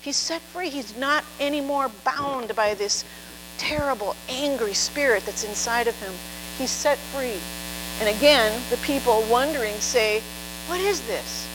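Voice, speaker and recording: Woman pastor, fairly high voice, conversational sermon in a church with long reverb and mains hum. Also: a little slow. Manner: warm conversational preaching with quoted voices. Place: church sanctuary.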